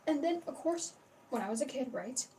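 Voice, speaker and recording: A young woman hosts a casual livestream in a high-pitched, animated, mellow voice at a moderate pace. She's rambling and chatty, swears freely, and greets her chat as she goes, recorded on a distant mic with faint background noise.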